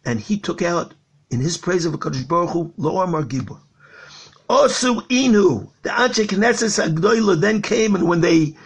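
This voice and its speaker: A man with a high, gravelly voice gives an impassioned Torah lecture as a rabbi. His tone is very husky and rough. He stretches out key words for weight and tells a parable to make his point. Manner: storytelling with a parable.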